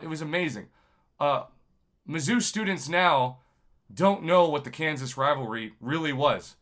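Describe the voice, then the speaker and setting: A man, a YouTube journalist, talking to camera in a rambling, impassioned monologue full of shout-outs. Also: a little high. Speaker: YouTube video game journalist.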